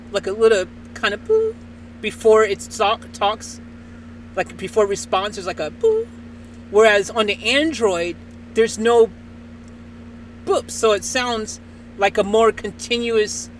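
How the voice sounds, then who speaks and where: A man's voice: high-pitched, fairly bright tone, a little hiss or hum. A man hosting a livestream, chatting casually and teasing a voice chatbot in a rambling, playful way. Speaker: livestream host.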